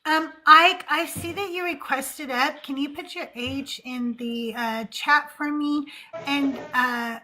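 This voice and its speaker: A woman's voice: sits high, steady tone, takes it slowly, bright, forceful tone, low-quality recording. A woman hosting a live call-in show, reading viewer questions aloud and chatting casually. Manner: reads chat questions aloud, laughs easily. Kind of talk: casual live-stream chat.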